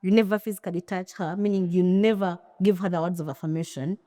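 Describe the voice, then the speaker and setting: Brief: woman podcast co-host, lower-pitched voice, dry close sound, opinionated and animated. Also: fast, no echo. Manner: opinionated, animated, acts out quoted lines. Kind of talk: casual podcast chat.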